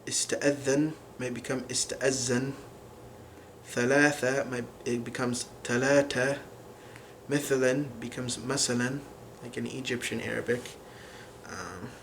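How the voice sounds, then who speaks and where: A man explaining a language lesson in an unhurried way, pausing often with fillers as he works through examples. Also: mid-range voice, a little hiss or hum. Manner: unhurried, many fillers and restarts while explaining. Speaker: language teacher.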